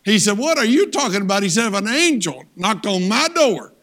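High-voiced older preacher. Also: male voice, a little fast. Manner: animated, folksy storytelling with audience call-outs. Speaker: guest preacher. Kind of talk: sermon.

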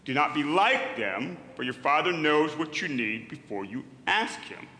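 A man's voice: a little high, sing-song, a little slow, sharp tone. A middle-aged male pastor preaching a sermon in an earnest, emphatic way, often repeating words as he builds a point. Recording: echoey hall with long reverb.

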